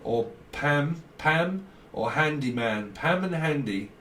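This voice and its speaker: His voice is on the high side, animated and fairly bright, yet he speaks slowly while giving a casual tarot reading. He rambles from one association to the next with frequent chuckles, recorded from a distance in a roomy space with faint background hiss.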